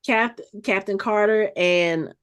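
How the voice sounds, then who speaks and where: A woman co-hosting a podcast, casually recapping an episode with animated, chatty storytelling. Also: mid-range voice, slow, clear, resonant tone. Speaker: podcast co-host.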